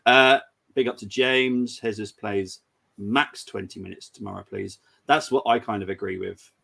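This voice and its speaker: A man's voice: lowish voice, moderate pace, creaky, bright, forceful tone. A man hosting a casual football preview show, chatty and giggly, reading out viewer comments. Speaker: host.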